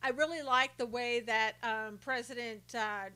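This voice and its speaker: A woman's voice: fairly high pitch, steady tone, measured pace, sharp tone, clear, resonant tone. A woman hosting a casual live stream who greets viewers by name, reads their comments aloud and talks indignantly about rude reporters.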